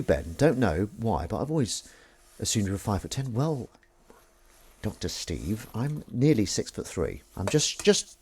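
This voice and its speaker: Young male stream host, casual chat, animated delivery. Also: on the low side, slight background noise. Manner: chatty, self-mocking, reads chat aloud. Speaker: livestream host. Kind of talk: casual chat while washing up.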